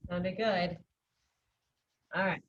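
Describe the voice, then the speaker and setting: Brisk upbeat teacher lady on a video call, lowish voice, kinda muffled lo-fi sound. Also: steady tone, a little hiss or hum. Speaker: Spanish teacher. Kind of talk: online class instruction.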